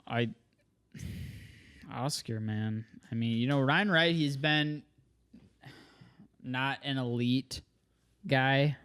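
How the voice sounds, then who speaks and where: A young man talks sports on a podcast in a loose, casual way. He stumbles and restarts a lot as he thinks out loud, with pitch and volume that stay in an everyday middle range. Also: takes it slowly, long pauses, smooth. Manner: hesitant, stammering restarts. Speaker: podcast co-host.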